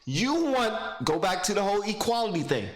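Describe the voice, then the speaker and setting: A man's voice: sits high, very animated, brisk, roomy sound. A man giving blunt, mocking casual commentary while reacting to a video clip, rambling into stories.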